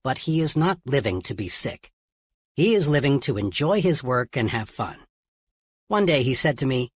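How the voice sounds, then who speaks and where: A man reading a self-help audiobook in a steady, earnest narration. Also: mid-range voice, normal speed, breathy edge, no room sound, studio quality.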